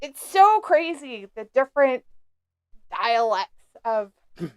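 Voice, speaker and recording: Chatty woman with a smooth voice. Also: a little high, sing-song, slow pace, no room sound. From United States. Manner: chatty, reads viewer comments aloud, giggles often. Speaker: co-host of a live watch-along stream. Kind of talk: casual live-stream chat.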